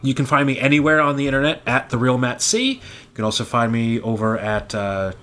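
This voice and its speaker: A man's voice: medium pitch, lively intonation, brisk, pushed and bright. Male podcast guest, wry, self-deprecating, mid-range voice. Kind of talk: casual podcast chat.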